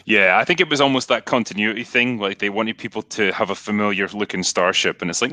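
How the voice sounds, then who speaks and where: A man's voice: fairly low pitch, fast talker, few pauses, sharp tone, dry recording. A Scottish man hosting a podcast, chatting casually about films in a blunt, rambling way and swearing now and then. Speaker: podcast host. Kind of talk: casual film discussion.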